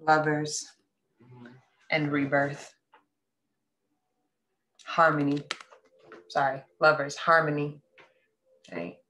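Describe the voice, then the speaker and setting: A woman giving a general tarot reading to her viewers, earnest and heartfelt, often checking in with "right?" and soft hums between thoughts. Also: deep voice, flat delivery, takes it slowly, long pauses. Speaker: tarot reader.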